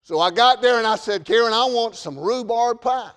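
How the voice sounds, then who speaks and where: Southern man preaching, very high voice, fervent, long church echo. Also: moderate pace, clear, resonant tone. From American South. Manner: fervent, shouts warnings then drops to folksy storytelling. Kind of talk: sermon.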